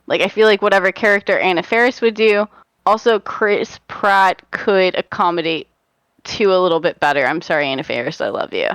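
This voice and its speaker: A woman's voice: lowish voice, a little fast, a bit bright, clear, resonant tone, no room sound, low-quality recording. A young woman co-hosting a casual livestream, giggling often and describing herself as chaotic. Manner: giggly, chaotic, self-mocking. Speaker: stream co-host.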